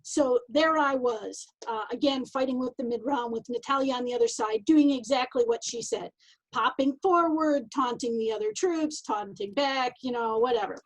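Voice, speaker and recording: A woman co-hosting a casual chat, telling a story in a measured way with playful acted-out asides. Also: a little high, rough recording. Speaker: podcast co-host.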